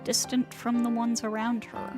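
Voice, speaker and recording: A woman streamer reading a visual novel aloud in a dramatic, hushed way, sometimes sinking into whispers. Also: a little high, completely flat delivery, over music. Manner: slow and hushed, sinking into whispers in tense passages.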